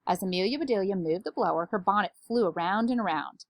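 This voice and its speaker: A parent reading a children's storybook aloud with expressive narration. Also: female voice, mid-range voice, fast, no echo. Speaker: parent reader.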